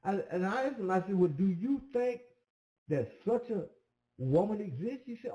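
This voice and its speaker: A man's voice: sits high, lively intonation, normal speed, dark tone. A man telling a personal story in a casual, rambling way, with many hesitant fillers. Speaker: commentator. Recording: roomy echo.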